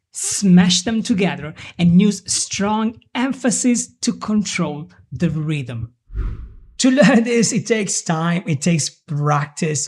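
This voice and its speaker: A young man teaching an online English lesson, drilling phrases slowly and then at full speed. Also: high voice, breathy edge.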